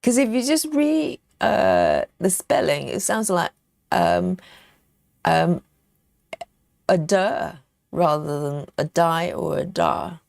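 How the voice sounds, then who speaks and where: Female stitching streamer, unhurried and chatty, with a lilting, swooping voice and dry close sound; laughs a lot. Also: fairly low pitch, big pitch swings, vocal fry, darkish tone, dry recording. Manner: chatty, laughs often, thinks aloud. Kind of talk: live stitch-along chat.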